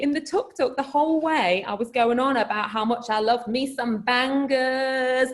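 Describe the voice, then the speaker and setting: High-voiced Scouse woman telling a funny story. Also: lively intonation, measured pace, few pauses, a little hiss or hum. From Liverpool, England. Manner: chatty, self-mocking, laughs mid-sentence; blunt, swears freely. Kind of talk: comic live storytelling.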